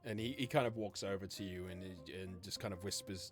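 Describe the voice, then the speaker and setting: A man's voice: low-pitched, brisk, over music. A man narrating a tabletop game as game master, rambling with many fillers.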